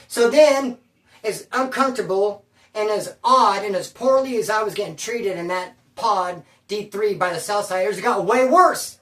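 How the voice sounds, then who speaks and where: A man's voice: high-pitched, moderate pace, fairly bright tone, far from the mic. A man telling his own prison story in casual first person, full of street slang and calling the listener bro. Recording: roomy sound, away from the mic.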